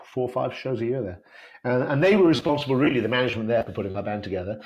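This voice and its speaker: A man's voice: mid-range voice, racing. A Welsh man, a guitarist, chatting casually in an interview, rambling with many restarts and fillers. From Wales. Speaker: guitarist in a band, guest.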